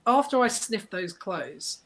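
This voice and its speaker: Slow, unsure woman player. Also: mid-range voice, very animated. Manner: unsure, asking many questions. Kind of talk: casual tabletop game chat.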